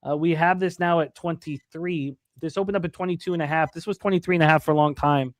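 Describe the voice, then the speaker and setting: A man with a slightly raised pitch rattles through point spreads and cash percentages, filling the gaps with uh's. He sounds dry and close to the microphone, keeping the tone casual and conversational. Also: steady tone, no room sound. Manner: reads odds and numbers quickly, many fillers. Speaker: sports betting show co-host. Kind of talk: casual sports betting talk.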